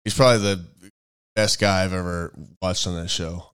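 A man co-hosting a casual faith-based chat, rambling and thinking out loud as he searches for words. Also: low voice, fairly even intonation, moderate pace, clean tone. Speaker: podcast co-host.

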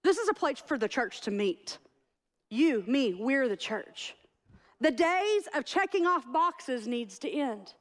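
A middle-aged woman delivers a sermon, her voice riding high. She preaches with animated conviction, acting out the people in her stories. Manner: animated, storytelling with acted-out quotes. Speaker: pastor.

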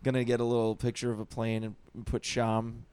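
A man's voice: mid-range voice, completely flat delivery, fairly quick, darkish tone, clean tone. A man co-hosting a comedy podcast, talking in casual, crude, joking banter and often laughing. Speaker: podcast co-host.

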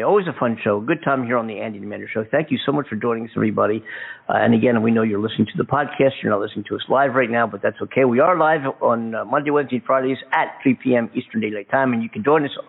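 Gravelly man rambling on a phone line. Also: medium pitch, racing. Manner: rambling, full of fillers and restarts, bawdy jokes. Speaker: co-host of a call-in talk show. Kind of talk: casual joking chat. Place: California, USA. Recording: tinny phone-line sound.

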